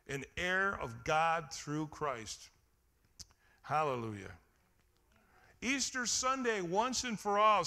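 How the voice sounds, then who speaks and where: A man preaching a sermon in a high, bright voice. He swings from ringing exclamations down to quiet, low emphasis and calls out to his congregation for responses. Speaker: pastor.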